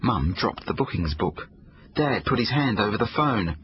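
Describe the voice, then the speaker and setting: Audiobook narrator, animated storytelling, low voice with faint hiss. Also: male voice, moderate pace, lo-fi sound. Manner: expressive storyteller. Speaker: author reading his own book.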